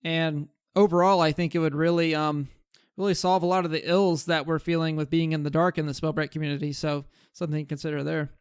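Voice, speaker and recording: A man whose voice is on the high side, flat and quick, gives casual gaming commentary about changes he wants. The clean, dry studio recording catches him rambling, using fillers and restarting as he thinks aloud.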